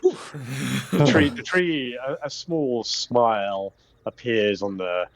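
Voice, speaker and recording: A man game master narrating a tabletop game in a calm, descriptive way. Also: mid-range voice, takes it slowly, vocal fry, no echo.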